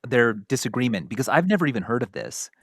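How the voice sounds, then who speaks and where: A man's voice: mid-range voice, expressive, quick pace, a bit bright, no room sound, clean studio sound. A man co-hosting a podcast, chatting casually and reacting with surprised interjections. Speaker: podcast co-host. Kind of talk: casual chat.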